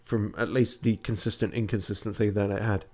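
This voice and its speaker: A man's voice: on the low side, flat delivery, fairly quick, a little mellow. A man streaming a charity event, making wry, sweary, self-deprecating asides between story passages. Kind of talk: self-mocking aside while playing a story game.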